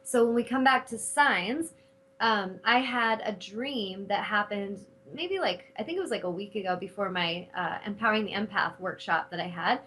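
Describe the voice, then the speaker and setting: A middle-aged woman hosting a spiritual talk show, speaking in an animated, casual way and cursing freely when she retells her anger. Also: medium pitch, normal speed, low-quality recording. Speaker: host.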